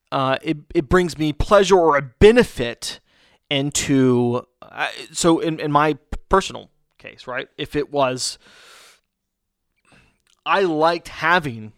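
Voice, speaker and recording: Halting male preacher, dry close sound. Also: on the high side, no room sound. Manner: halting, frequent restarts, rhetorical "right?". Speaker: pastor. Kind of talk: conversational sermon.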